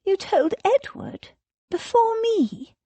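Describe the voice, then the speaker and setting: A woman's voice: a little high, expressive, a little slow, dark tone, husky, no room sound, pitched above the performer's own voice, full character voice. A woman reading an audiobook voices a spirited young noblewoman with an eager, pressing manner.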